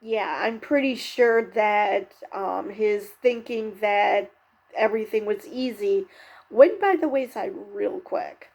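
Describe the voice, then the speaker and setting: Slow, gravelly-voiced woman reviewing TV. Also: medium pitch, a little mellow. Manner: candid and chatty, many fillers and self-corrections. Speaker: TV show reviewer. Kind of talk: casual spoken recap and commentary.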